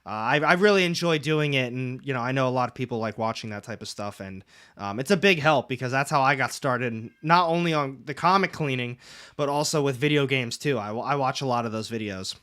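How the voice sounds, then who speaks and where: A man's voice: mid-range voice, brisk, fairly bright tone. A young man hosting a casual comics livestream, rambling, reading chat aloud and swearing casually from his room at home.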